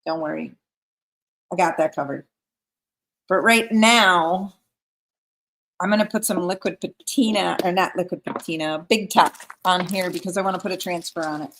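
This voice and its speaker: A woman's voice: lowish voice, moderate pace, long pauses, a bit bright, a little hiss or hum. Chatty woman hosting a craft livestream. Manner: chatty, reads viewer comments aloud. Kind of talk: casual livestream chat.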